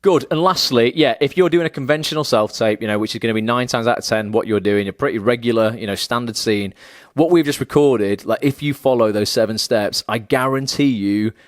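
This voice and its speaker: A man's voice: medium pitch, brisk, no echo, clean studio sound. A young man hosting a casual behind-the-scenes chat, talking loosely with many fillers. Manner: chatty, lots of fillers. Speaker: host.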